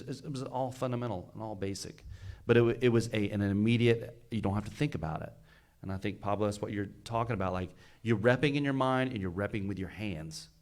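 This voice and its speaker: A man, a fire battalion chief, telling a rescue story in casual podcast chat, earnest and emphatic, often stumbling and repeating words. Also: lowish voice. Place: recorded live on location at a fire expo.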